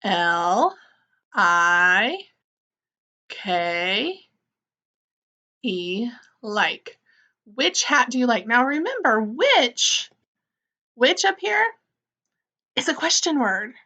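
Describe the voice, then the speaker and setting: A woman teaching an early-grade writing lesson, spelling words sound by sound and gently asking and answering her own questions. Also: a little high, big pitch swings. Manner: slow, sound-by-sound spelling for young children; gently encouraging, asks questions and answers them.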